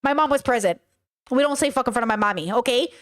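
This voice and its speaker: High-voiced woman telling a candid story. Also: fast talker. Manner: candid, swears freely. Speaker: streamer reacting to live chat. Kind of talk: casual storytelling.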